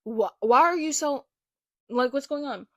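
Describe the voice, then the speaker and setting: A young woman with a fairly high voice tells stories from her own life in a loose, chatty way. She is emphatic and animated, and she fills her sentences with "like". The sound is close and dry. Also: unhurried, no echo. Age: young adult. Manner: animated, emphatic, heavy use of "like". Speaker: vlogger. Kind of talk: casual storytelling.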